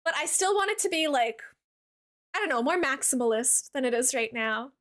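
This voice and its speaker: Bubbly high-voiced woman streamer. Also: lively intonation, normal speed. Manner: bubbly and chatty, many "like" fillers, giggly; warm toward chat, gushing. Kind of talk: casual live-stream chat while gaming.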